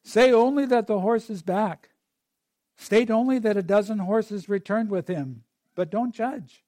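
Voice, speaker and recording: A man puts on a calm, wise old woodcutter in a storytold parable, his high voice mellow and his questions patient and measured. He speaks dry and close, never rushing. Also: no echo. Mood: gently reproving.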